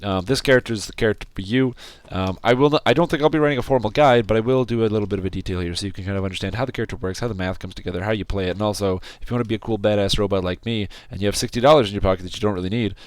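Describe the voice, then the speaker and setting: A man with a sore, scratchy throat giving casual, rambling commentary while he plays a game, with sudden excited outbursts. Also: lowish voice, rapid-fire, hardly any pauses, no echo. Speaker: game streamer.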